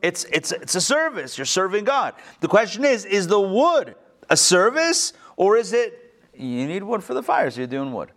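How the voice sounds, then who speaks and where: A man leads a casual study class in a fairly high voice. He keeps firing questions at the group and drops in quick joking asides. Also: big pitch swings, a bit bright. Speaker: teacher leading a text study class. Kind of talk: casual interactive teaching.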